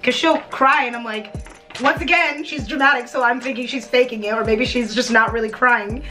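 A young woman with a fairly high voice chats casually with a friend for her video. She teases, laughs often and reads each question aloud, with faint music underneath. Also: fairly even intonation, moderate pace, bright, forceful tone. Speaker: YouTube vlogger.

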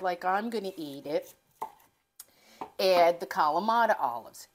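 With a lively, slightly mellow mid-range voice, a middle-aged woman chats fairly quickly on her cooking channel. She rambles and interrupts herself while talking casually in her home kitchen.

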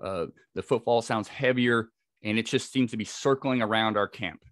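A man's voice: fairly low pitch, normal speed, fairly bright tone, dry recording, studio quality. A man, a podcast guest, telling a vivid first-person encounter story with frequent restarts. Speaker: podcast guest, Bigfoot researcher.

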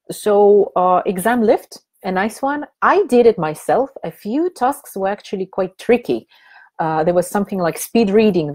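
A woman's voice: mid-range voice, a little mellow. Chatty woman presenting a webinar. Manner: chatty, hesitant, many fillers and restarts. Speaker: teacher trainer presenting a webinar.

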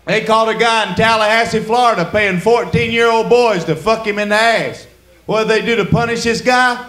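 A man's voice: high-pitched, normal speed, a bit bright, roomy sound, a little hiss or hum. A man doing a crude stand-up comedy set, drawling through stories and acting out the voices. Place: comedy club stage before a laughing audience.

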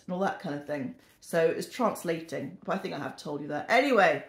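A woman's voice: low voice, lively intonation, brisk, hardly any pauses. A British woman vlogger telling a rambling, self-deprecating storytime at home in a casual, chatty way. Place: indoors in a home. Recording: echoey room.

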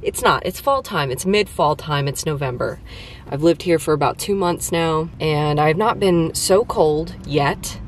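A woman's voice: sits low, unhurried, a little hiss or hum. A woman in her twenties, talking to the camera from a parked car in a chatty, rambling vlog with self-deprecating humor. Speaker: vlogger. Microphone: camera on a dashboard tripod.

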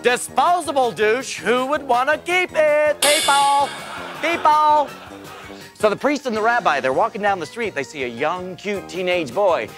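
Guy doing a sleazy loud comedy club emcee, high and barking, laughs at his own dumb jokes. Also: lively intonation, a little slow, music in the background. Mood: brash. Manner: brash, shouting punchlines, cackling at his own jokes. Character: crude, loud-mouthed nightclub comic emcee, a man.

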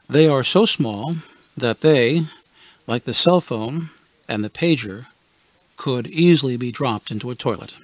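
Wry man reading a deadpan story. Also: a little high, no echo. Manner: wry, deadpan storytelling, acting out quoted voices. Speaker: radio essayist. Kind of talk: scripted first-person storytelling.

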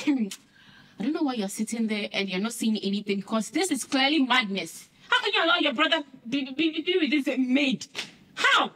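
An actress playing an anxious young best friend who keeps pressing with dramatic questions. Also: female voice, high voice, animated, normal speed, a bit bright. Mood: insistent.

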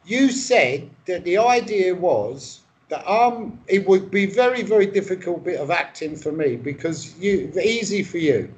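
A man from England with a noticeably high voice, co-hosting an improvised comedy chat. He rambles through absurd claims in a mock-earnest way and swears freely. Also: animated, a little slow, few pauses. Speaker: comedy co-host.

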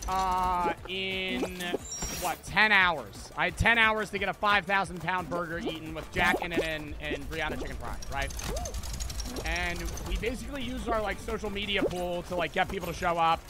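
A young man streaming a game, chatting in a slangy, excitable way and swearing often. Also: high-pitched, moderate pace. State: out of breath. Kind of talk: casual gaming commentary. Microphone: headset. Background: game music.

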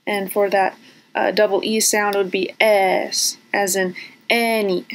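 A woman leads a pronunciation lesson at an unhurried pace, stretching out vowels and saying each example word twice or more. Her pitch sits in the middle range, and she pads her explanations with soft fillers. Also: level tone. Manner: slow, patient, repeats each word with many fillers. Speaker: language teacher.

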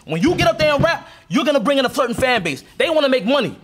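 A man's voice: very high-pitched, sing-song, fast. A man, a battle rapper in a heated face-off, taunting his opponent and repeating his threats. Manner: taunting, repeats threats, keeps saying listen. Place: live event with crowd. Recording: crowd noise behind.

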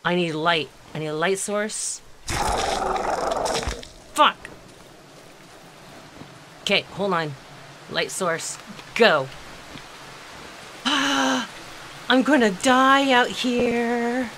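A woman gamer narrates her own horror playthrough at an unhurried, drawn-out pace, tense and swearing under her breath. She mutters to herself and snaps at things in the game. A steady hiss of background noise sits under her voice. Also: medium pitch. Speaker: let's play gamer. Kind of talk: live horror game commentary.

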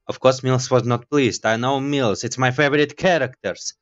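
A man's voice: medium pitch, fairly even intonation, moderate pace, hardly any pauses, a bit bright, lo-fi sound. Rambling self-mocking gaming man. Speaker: gaming YouTuber. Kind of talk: let's play commentary.

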